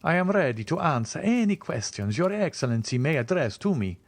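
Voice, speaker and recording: An earnest young male servant from an audiobook reading, as a man puts him on. He recounts events eagerly and respectfully, with plenty of lift in his pitch, recorded close and dry. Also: sing-song, fairly quick, no room sound. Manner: eager, deferential storytelling.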